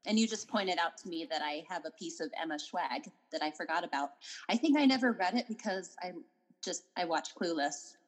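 A woman co-hosting a casual book podcast, bantering in a relaxed, playful way. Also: fairly low pitch, a little fast. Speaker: podcast co-host. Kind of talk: casual book-club chat.

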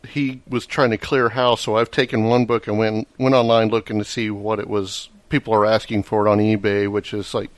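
A man co-hosting a podcast, chatting casually in a relaxed, rambling way. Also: on the low side, brisk, few pauses, dry recording. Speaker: podcast co-host. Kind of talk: casual chat.

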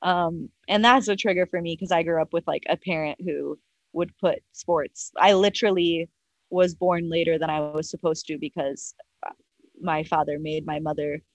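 A woman's voice: deep voice, steady tone, normal speed, no room sound. A young adult woman telling a personal story as a podcast guest, chatty, full of "like" and casual swearing, acting out both sides of a past conversation. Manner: chatty, heavy use of "like", swears freely.

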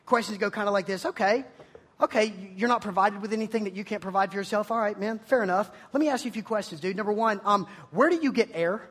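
A high-voiced man with a husky edge delivers an energetic sermon to a room full of students. He jokes and teases as he talks, and he keeps dropping into mock voices to play the doubters he is arguing with. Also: quick pace. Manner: animated, joking, mimics listeners in mocking voices. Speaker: youth pastor. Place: room with a live audience of students.

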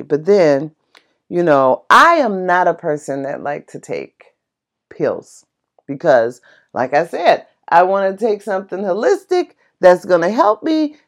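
A woman casually telling a personal story in an excitable, passionate way, laughing as she talks. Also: on the low side. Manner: animated, excitable, laughs while talking; passionate and chatty.

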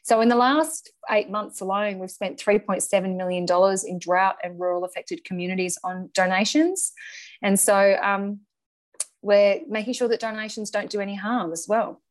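A middle-aged woman, a guest in a conversational interview, telling her story in an animated way and often laughing. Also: mid-range voice, normal speed. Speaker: guest, charity founder.

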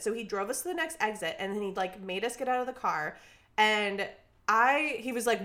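Bright, chatty young woman telling a story. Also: medium pitch, brisk. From Minnesota, US. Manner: animated, acts out quotes, says "like" constantly. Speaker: podcast co-host. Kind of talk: casual storytelling chat.

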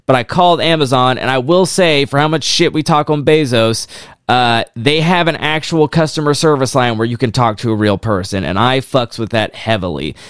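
Smooth-voiced man telling a rambling story. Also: medium pitch, normal speed, fairly bright tone, no echo, studio quality. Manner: rambling storyteller, swears often, lots of "like". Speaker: podcast co-host. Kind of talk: casual chat.

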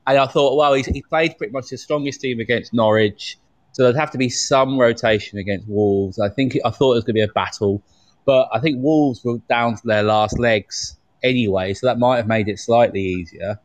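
A man co-hosting a casual chat, thinking aloud with many halting restarts. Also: mid-range voice, no room sound. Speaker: podcast co-host.

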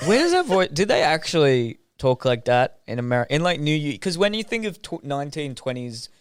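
A man appearing as a podcast guest, riffing in casual, quick-witted banter. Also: a little high, big pitch swings, clear, resonant tone, no echo, clean studio sound.

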